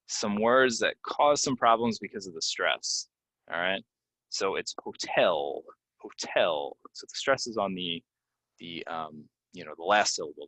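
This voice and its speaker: A man teaching English pronunciation from slides, repeating each word slowly and giving example sentences with many ums. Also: deep voice, pushed and bright, no room sound, low-quality recording. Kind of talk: slide-based pronunciation lesson.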